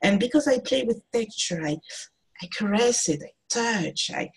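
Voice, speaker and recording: A woman's voice: fairly high pitch, lively intonation, moderate pace, slightly rough, low-quality recording. A woman artist speaking as a guest on a video-call interview, thoughtful and searching for her words. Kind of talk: reflective interview talk.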